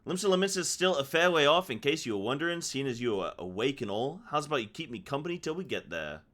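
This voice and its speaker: A man speaks for a talkative merchant met aboard a ship in a game. The delivery is bright and animated. It stays in the reader's natural voice, with no accent put on. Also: medium pitch, fast. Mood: friendly. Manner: reading game dialogue aloud in his own voice. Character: chatty male merchant on a ship.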